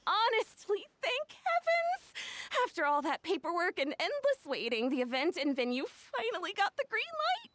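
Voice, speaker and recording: A woman voicing an excitable young inventor hosting an event in a video game, talking in a bubbly, giggly way. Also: very high voice, unhurried, hardly any pauses, dry recording, full character voice. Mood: excited. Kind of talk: video game cutscene dialogue.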